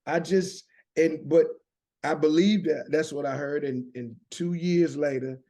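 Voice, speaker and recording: With a Southern drawl and a mellow voice on the high side, this middle-aged American man speaks a little slowly and with fairly even intonation. He earnestly recounts his story as a guest on an interview show, stopping and restarting often.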